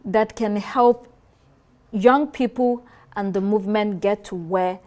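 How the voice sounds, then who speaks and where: Calm woman asking questions. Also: medium pitch, takes it slowly. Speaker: interviewer. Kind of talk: political interview.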